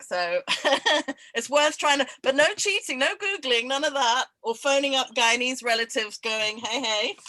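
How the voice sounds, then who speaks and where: A woman hosts a casual quiz over a video call, her voice a little high and her delivery slow and unhurried. She laughs often and reads each question twice. The sound is dry and close. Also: pushed and bright, dry recording, rough recording. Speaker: event host running a quiz. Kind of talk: casual online event chat.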